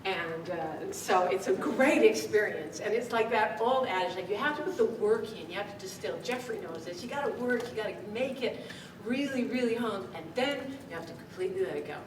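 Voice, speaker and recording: A woman speaking coach telling a lively story to a live audience, laughing often as she talks. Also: medium pitch, a little fast. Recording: distant mic in an echoey room with background noise.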